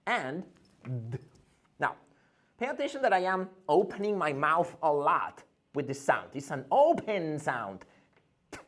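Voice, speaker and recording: A male English teacher giving an energetic pronunciation lesson, theatrical and drilling sounds over and over. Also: fairly high pitch.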